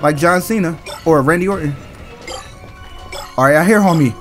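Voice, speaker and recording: A man's voice: on the high side, moderate pace. A man doing let's-play commentary on a horror game, chatting in slang and screaming at jump scares. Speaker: gaming channel host. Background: game music.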